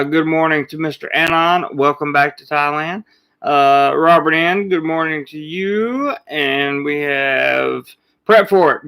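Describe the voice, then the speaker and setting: Male livestream host, slightly high, gravelly voice, chatty and loose. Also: pushed and bright. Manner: greets viewers by name, chatty. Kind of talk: casual live chat. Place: Thailand.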